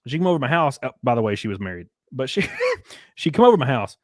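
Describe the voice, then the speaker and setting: A man's voice: mid-range voice, huge pitch swings, fast talker, a little mellow, dry recording, clean studio sound. A young man hosting a podcast, talking crudely in a casual, rambling way with many restarts. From American South. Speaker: podcast host. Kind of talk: casual chat.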